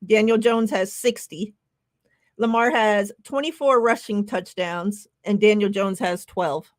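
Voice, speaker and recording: A woman with a mid-range voice co-hosting a casual sports podcast over an online call. She is friendly, greets viewers in the chat by name, and talks through the topics in an easygoing way. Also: medium pitch. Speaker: podcast co-host.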